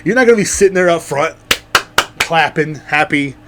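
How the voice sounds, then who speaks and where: A man hosting his own podcast in a casual comedic monologue. He rambles and swears, swinging between loud outbursts and low mutters. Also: animated, normal speed, very noisy. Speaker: podcast host.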